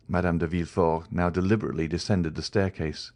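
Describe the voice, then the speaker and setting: A man narrating a classic novel as an audiobook in a measured, even reading. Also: sits low, dry recording. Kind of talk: scripted narration.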